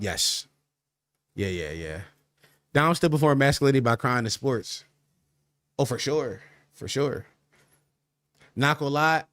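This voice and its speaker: A man's voice: on the high side, fairly bright tone, no echo, studio quality. A young man hosting a livestream podcast, talking loosely in slang and reacting to chat with laughs.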